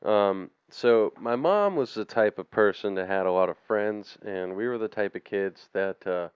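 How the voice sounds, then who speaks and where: Man, podcast co-host, low voice, smooth, rambling profane storytelling, dull dry audio. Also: moderate pace, dry recording. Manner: profane, rambling, laughs through his story. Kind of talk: casual storytelling chat.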